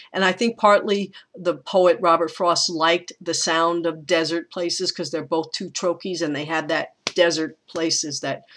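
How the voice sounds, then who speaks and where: A college English teacher walks through a poem's meter in an easygoing recorded lecture, reading lines of verse slowly and leaning on the stressed beats. The voice is mid-range, bright and clear-edged, and the explanations in between wander aloud with occasional restarts.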